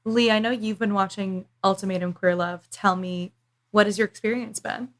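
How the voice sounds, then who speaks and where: A woman's voice: medium pitch, steady tone, normal speed. A woman co-hosting a casual podcast, chatty and playful. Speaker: podcast co-host.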